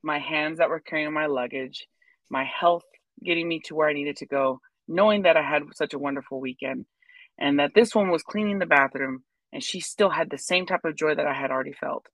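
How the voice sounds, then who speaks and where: A woman's voice: deep voice, brisk, fairly bright tone, no echo. A woman co-hosting a podcast, telling a personal story in casual chat and acting out the people she quotes. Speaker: podcast co-host.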